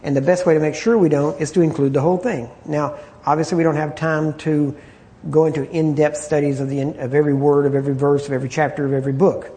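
Mellow, throat-clearing male Bible teacher. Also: a little high, level tone, fast. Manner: conversational and repetitive, clears throat often. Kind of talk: informal Bible study teaching.

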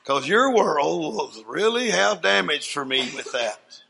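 Man, preacher, storytelling sermon, high voice, bright, hushed to loud. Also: sing-song, slow, gravelly, breathy edge. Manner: dramatic, swings from hushed to loud.

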